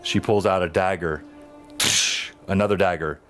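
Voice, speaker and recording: A man's voice: deep voice, fairly even intonation, normal speed, faint music behind. A man narrating as game master of a tabletop role-playing game, descriptive, with frequent fillers.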